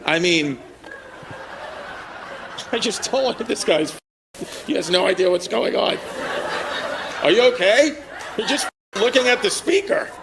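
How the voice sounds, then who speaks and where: A man on a comedy club stage works the crowd in a high, cracking voice, swearing freely and laughing at his own lines. The mic picks up a loud, laughing audience and a steady hum of room noise around him. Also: a little slow, creaky, pauses often. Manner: brash, profane, laughing at his own jokes. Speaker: stand-up comedian. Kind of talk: stand-up crowd work.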